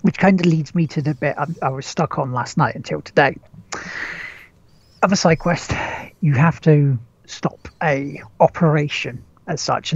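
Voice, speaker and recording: A man's voice: on the high side, a little mellow, dry recording, muffled recording. A man hosting a podcast, chatting casually about games, rambling with lots of restarts, casual swearing and chuckles. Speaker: podcast host. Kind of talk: casual gaming chat.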